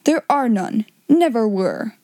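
A woman's voice: fairly high pitch, animated, slow, mellow, dry recording. Woman doing a dry, blunt old-fashioned solicitor. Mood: curt disapproval. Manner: clipped, blunt, disapproving. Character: dry nervous critical male solicitor.

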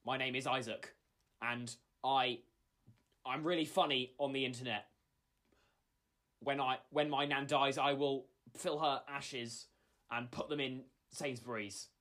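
Cocky young online comedian, put on by a male podcast host, bright tone, boastful, mate this and mate that. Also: medium pitch, steady tone, measured pace, lightly acted.

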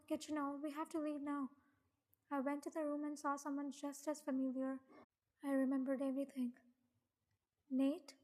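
A woman's voice: sits high, a little mellow, in a large hall. A young woman narrating a dramatic first-person story.

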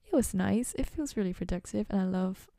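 A young woman chatting casually and rambling on her own show, self-mocking and drifting into soft whispery asides. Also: mid-range voice, lively intonation, fairly quick, gravelly, dry recording, studio quality. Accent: playful put-on accent. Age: young adult. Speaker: university student podcaster. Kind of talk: casual solo chat.

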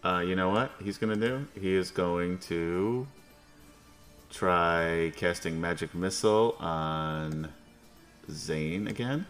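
A man's voice: sits low, slow pace, a bit bright, faint music behind. A man acting as game master, narrating a tabletop game in a loose, thinking-aloud way.

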